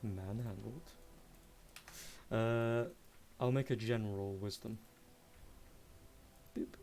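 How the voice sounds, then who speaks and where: A man's voice: fairly low pitch, fairly even intonation, takes it slowly, a little mellow, a little hiss or hum. A man acting as game master in a tabletop game, playful and humming little filler sounds while he looks up rules. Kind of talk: narrating a tabletop game over a live stream.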